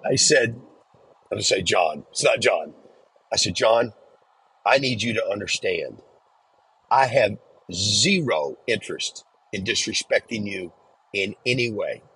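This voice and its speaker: A middle-aged man tells a story in a casual, reflective way, weighing his words. His voice is very husky and breathy, sitting in an ordinary middle register. He slips into other people's lines as he quotes them. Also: mid-range voice, fairly bright tone, poor audio. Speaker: podcast host telling a prison story.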